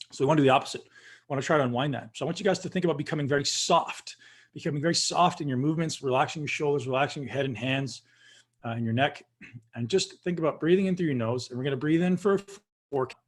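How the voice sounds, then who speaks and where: A man guest on a video call, calmly guiding listeners through a breathing practice and addressing them directly. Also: a little high, quick pace. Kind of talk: coaching instruction.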